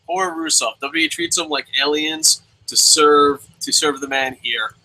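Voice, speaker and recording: A young man hosting a casual live review alone, reading viewer comments aloud and swearing freely as he jumps between loud outbursts and mumbled asides. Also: fairly high pitch, moderate pace, poor audio. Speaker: show host.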